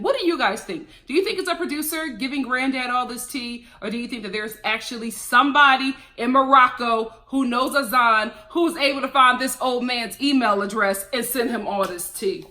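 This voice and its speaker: A woman giving a casual reality-TV review as a vlogger, talking in a sassy, opinionated way. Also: a little high. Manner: sassy, animated, opinionated ranting with laughs. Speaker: TV recap vlogger.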